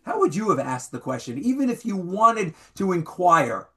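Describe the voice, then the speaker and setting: A man's voice: sits high, normal speed, soft background music. A man teaching an interactive Bible class to a small group, questioning his students and reading verses aloud. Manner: animated, questions the students, reads Hebrew aloud.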